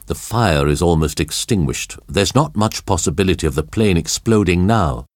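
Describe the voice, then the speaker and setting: A deep-voiced man gives an animated, firm, and urgent performance as an injured male crash survivor who steadily leads the others in a storybook reading. He talks at normal speed, and the studio-quality audio has no room sound.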